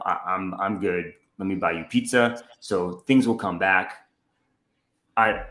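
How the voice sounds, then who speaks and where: A low-voiced young man co-hosts a relaxed chat, recounting a story with energy. He acts out every quote, leaping high in pitch when he plays the other people. His voice rings in a roomy, echoey space. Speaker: podcast co-host.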